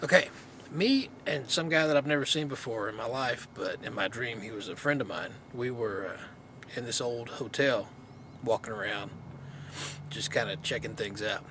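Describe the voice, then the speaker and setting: A man's voice: mid-range voice, normal speed. A man vlogging outdoors in the cold wind, casually telling a story in a rambling, laid-back way with many fillers.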